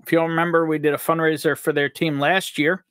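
A man's voice: on the high side, flat delivery, a little fast, fairly bright tone, no echo, clean studio sound. A man from upstate New York hosting a live stream, upbeat and jokey as he greets viewers by name. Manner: upbeat, jokey, reads out chat names. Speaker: livestream host.

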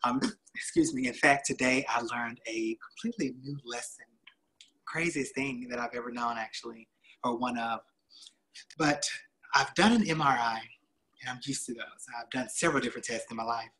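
Bright-voiced chatty male host. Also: medium pitch, moderate pace, low-quality recording. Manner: chatty, laughing, animated retelling. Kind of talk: casual motivational storytelling.

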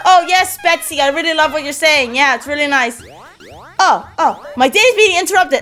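A woman giving let's play commentary on a game, rambling and stammering, then suddenly bursting into shouts and laughter. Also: high voice, lively intonation, normal speed, soft background music. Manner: rambling, stammers and repeats words. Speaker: gaming video host.

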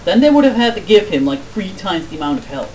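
A man's voice: sits high, very animated, fast talker, darkish tone, far from the mic, slight background noise, rough recording. A man playing a video game with a friend, teasing him, joking and swearing when he loses. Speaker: let's play commentator. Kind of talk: casual gaming banter.

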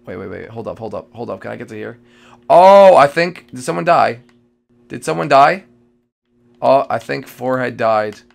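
Man, live gaming commentary, jittery, excitable, repeats himself, heavy vocal fry. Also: mid-range voice, normal speed. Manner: jittery and excitable, repeating phrases, with sudden loud outbursts. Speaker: gamer playing a multiplayer survival match.

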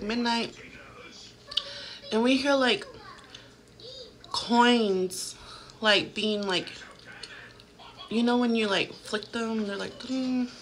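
A woman's voice: on the high side, fairly bright tone, slight background noise. Chatty woman vlogger telling a ghost story. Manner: chatty, lots of "like" fillers. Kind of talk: casual storytelling to camera. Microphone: phone camera.

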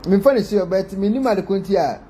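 A man with a Ghanaian accent, giving excitable casual commentary to his viewers, switching between Twi and English. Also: high-pitched, quick pace, a little hiss or hum. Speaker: vlogger.

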